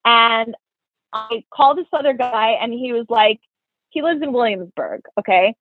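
A young woman in New York tells a friend a long personal story, frank, profane and animated, quoting both sides of every exchange. Her fairly high voice is husky and her pace moderate. The audio is dry, narrow and phone-like, with no room sound.

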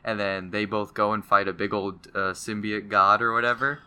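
A young man with a very bright, crisp voice, talking casually about comics and movies. He is animated and slips into goofy character voices as he retells scenes. His voice is smooth and clear throughout. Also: on the low side, moderate pace. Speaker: podcast co-host.

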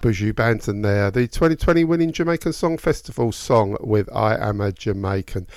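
A man's voice: lowish voice, lively intonation, moderate pace, darkish tone, dry recording, studio quality, soft background music. Man presenting a reggae radio chart.

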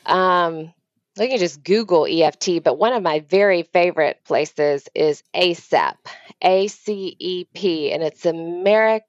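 A woman's voice: fairly low pitch, a little slow, no room sound, highs cut off. A woman therapist giving explanatory advice over a video call, with frequent ums. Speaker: therapist guest. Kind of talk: remote interview conversation.

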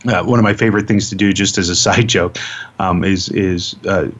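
A male radio host who speaks in a somewhat low voice and rambles through his points, circling back with fillers and repeated words. The audio is dull and lo-fi, like an older radio broadcast. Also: steady tone, normal speed, fairly bright tone. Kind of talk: casual talk radio interview. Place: radio show.

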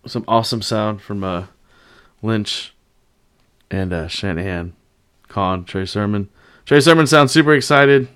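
A man's voice: lowish voice, measured pace, fairly bright tone, clear, resonant tone. A man hosting a casual sports commentary, upbeat and loose with plenty of fillers. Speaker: podcast host.

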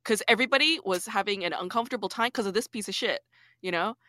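A woman with a bright, sharp voice hosts a casual podcast, recorded dry and close. She talks bluntly, swears easily and drops quick "yeah"s as she listens. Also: mid-range voice, no echo. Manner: blunt, swears freely, frequent quick agreement. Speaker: podcast host.

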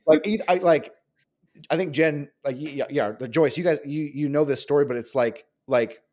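A man's voice: on the high side, normal speed, darkish tone. A man around forty, a pastor, telling his story in a casual interview, rambling and earnest with lots of filler words. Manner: rambling, earnest, heavy use of "like".

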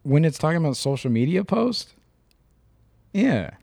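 A man's voice: fairly high pitch, sing-song, normal speed, darkish tone, no room sound, studio quality. A man in his thirties co-hosting a podcast in casual chat, loose and swearing, acting out quoted lines. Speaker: podcast co-host.

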